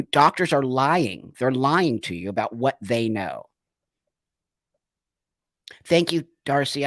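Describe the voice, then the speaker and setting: A man's voice: mid-range voice, dry recording. A man in his sixties hosting a live stream, talking emphatically and reading viewers' comments. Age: 60s. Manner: emphatic, conversational, acts out quoted voices, laughs. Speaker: host.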